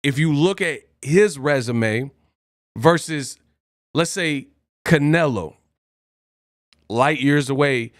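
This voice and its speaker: A man hosts a boxing live stream in a loose, joking way, cracking up at his own impressions. His voice sits a little high and comes out slow and drawn out. The sound is dry and close. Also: no echo. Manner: laughing often, joking impressions. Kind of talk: casual live-stream commentary.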